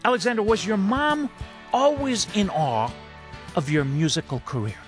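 A man hosting a radio talk show, announcing in a smooth, measured way. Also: sits high, animated. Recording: loud music bed under voice. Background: loud instrumental music.

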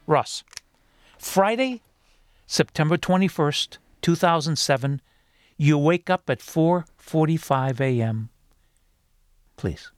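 A man hosting a radio talk show, measured and spelling out details slowly. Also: on the high side, animated, clear, resonant tone, no room sound, studio quality.

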